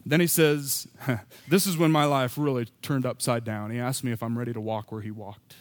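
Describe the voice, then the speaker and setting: A man's voice: medium pitch, fairly even intonation, moderate pace, dry recording. A man preaching a sermon as pastor, candid and self-deprecating, with emphatic rising bursts.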